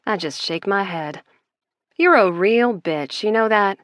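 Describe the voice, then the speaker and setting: A woman's voice: mid-range voice, expressive, a little slow, fairly bright tone, no room sound, studio quality. Woman narrating a first-person romance. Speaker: audiobook narrator.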